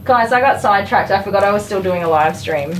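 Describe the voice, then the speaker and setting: A woman's voice: mid-range voice, expressive, fast, a little hiss or hum. A woman hosting a casual live stream, playful and bantering, laughing often. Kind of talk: casual chat. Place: home room. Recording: roomy, far from the mic, music behind.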